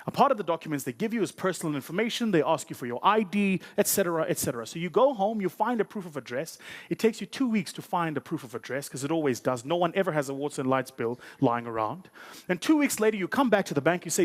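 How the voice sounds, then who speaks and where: A man's voice: on the high side, expressive, fast talker. A man giving a motivational business keynote to a live audience. He tells stories with punchy emphasis and makes joking asides to the crowd. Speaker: keynote speaker. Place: conference stage before a live audience.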